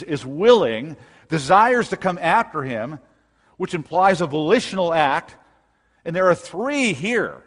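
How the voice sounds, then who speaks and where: A man preaching an expository sermon as a pastor, in an emphatic style that swells into loud bursts. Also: on the high side, in a large hall.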